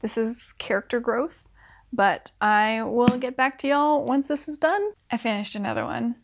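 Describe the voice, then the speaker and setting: A young woman chatting casually about a book she is reading, with lots of "like" and quick acted-out asides. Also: on the high side, big pitch swings, slight background noise. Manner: chatty, full of "like", acts out characters in quick asides. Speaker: book vlogger. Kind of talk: casual rambling book review. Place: indoors at home.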